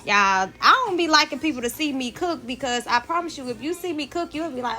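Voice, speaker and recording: A woman's voice: sits high, expressive, a little fast, hardly any pauses, pushed and bright, soft background music. A woman in her thirties chatting casually to viewers in her home kitchen as she cooks, loose and frank, full of asides. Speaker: cooking vlogger. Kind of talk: casual kitchen chat to camera.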